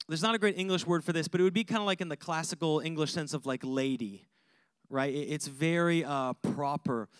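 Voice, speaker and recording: A male pastor preaching a sermon in an animated, conversational way, with laughter and punchy repeated lists. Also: a little high, brisk, smooth, no room sound, clean studio sound.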